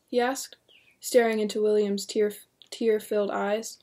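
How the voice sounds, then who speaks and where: A woman reading a horror novel aloud in a steady, measured narration. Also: medium pitch. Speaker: audiobook reader.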